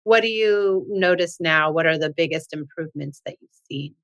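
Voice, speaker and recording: Bright-voiced encouraging woman host. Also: deep voice, normal speed, no room sound. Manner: encouraging, affirming interviewer. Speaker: parenting podcast host. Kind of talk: interview podcast.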